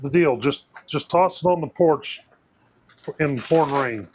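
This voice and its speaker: A man's voice: fairly high pitch, a little slow, breathy edge. A man on a casual podcast, grumbling in exasperation. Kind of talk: casual chat.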